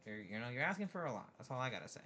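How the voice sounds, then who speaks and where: A man co-hosting a podcast, needling his partner with deadpan teasing. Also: medium pitch, very fast, muffled recording. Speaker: podcast co-host. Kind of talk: casual podcast banter.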